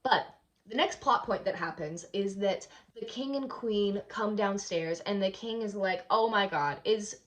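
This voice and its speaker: A woman's voice: medium pitch, unhurried. A woman vlogger casually retelling a play in a hotel room, chatty and rambling with lots of fillers.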